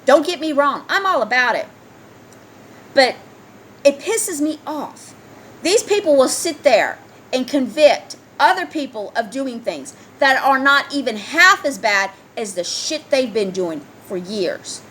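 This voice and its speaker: A woman's voice: sits high, lively intonation, measured pace, fairly bright tone, slight background noise. A woman in a heated, ranting solo commentary, reading news aloud and firing rhetorical questions at her listeners.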